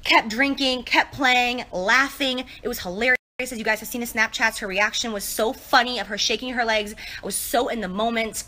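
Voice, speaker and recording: Brief: woman in an apology video, rambling, bright and higher-pitched. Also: fairly even intonation, moderate pace, hardly any pauses, rough recording.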